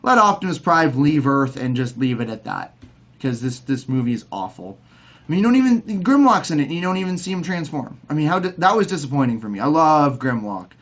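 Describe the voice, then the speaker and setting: A man's voice: on the high side, big pitch swings, a little fast. A young man ranting in a casual video review, swearing, heated, often stumbling over his words with repeated restarts. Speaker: movie reviewer.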